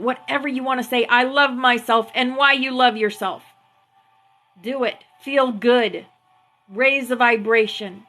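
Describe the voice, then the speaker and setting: A woman hosting a spiritual live stream, gently affirming her viewers and reading out teachings through a phone mic. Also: high voice, unhurried, soft background music. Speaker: spiritual livestream host. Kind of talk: spiritual livestream talk to viewers.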